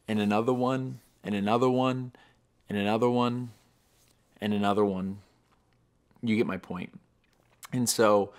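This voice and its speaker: A man hosts a daily devotional, his voice sitting a touch low. He talks in an earnest, reflective way and grows emotional at times. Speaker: devotional podcast host.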